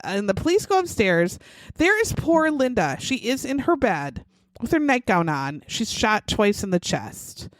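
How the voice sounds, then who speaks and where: Animated woman telling a true crime story. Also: medium pitch, measured pace, dry recording. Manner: animated, acts out quotes, swears freely. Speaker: podcast host.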